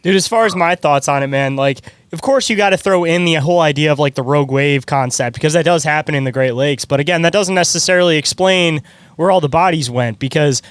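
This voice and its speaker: A man's voice: fairly high pitch, clean tone, dry recording. A man chatting casually on a podcast, loose and rambling with lots of filler words. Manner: rapid, loose, full of "like" and "dude". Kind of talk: casual chat.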